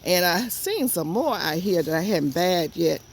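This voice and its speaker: A Georgia woman with a Southern US accent leads her viewers on a casual, folksy outdoor garden tour, chatting right to them as a home gardener vlogger. Her voice sits fairly low, expressive and a little rough, at a measured pace.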